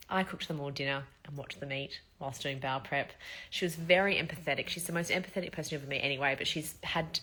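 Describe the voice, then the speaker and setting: A woman in her thirties talks through a candid personal vlog, her voice bright and clear with a low pitch for her sex. She sounds a little short of breath as she recovers after surgery, and she tells the story loosely and emotionally, with fillers and the odd swear word. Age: 30s. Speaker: vlogger.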